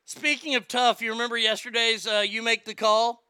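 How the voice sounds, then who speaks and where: A man's voice: very high voice, little pitch movement, normal speed, pushed and bright, smooth, no echo. A man ranting in a sarcastic, indignant, profane commentary, recorded on a close mic. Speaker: social media commentator.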